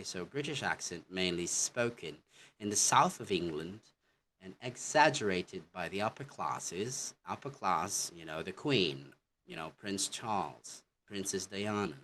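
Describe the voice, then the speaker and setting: A man with a very low voice teaches an English lesson, moving through his slides at an unhurried pace. He keeps pausing to restart his points with "okay, so". A faint hiss sits under the recording. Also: fairly bright tone. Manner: slow, halting explanations with many "okay, so".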